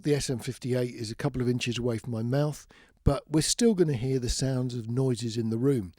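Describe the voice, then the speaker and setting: A man's voice: medium pitch, moderate pace. Man explaining gear in a chatty way. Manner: chatty, demonstrates whispering and shouting into the mic. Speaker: host demonstrating audio gear. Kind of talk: informal technical explainer. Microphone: close ribbon commentary mic.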